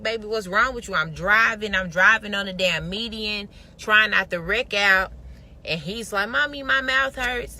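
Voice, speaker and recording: A woman's voice: lowish voice, bright, forceful tone, slight background noise. A young woman venting candidly to camera, telling a story with plenty of swearing. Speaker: vlogger.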